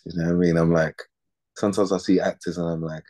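A man's voice: low voice, level tone, moderate pace, long pauses, warm tone. A man in his thirties, an actor chatting casually in an interview, laid-back and slangy, often repeating words as he thinks.

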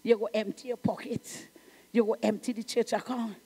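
A middle-aged Trinidadian woman preaches from the pulpit with fervour. She hammers her points home, calls out to the congregation, and rises into shouts as the sermon builds. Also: a little high, flat delivery, normal speed, breathy edge. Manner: fervent, emphatic preaching with call-outs and bursts of shouting. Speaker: pastor.

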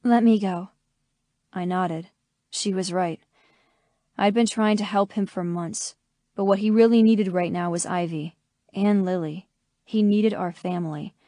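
A fairly low-pitched female narrator reads scripted first-person audiobook text, keeping her delivery steady and measured. She's recorded close on a studio mic, and there's no echo.

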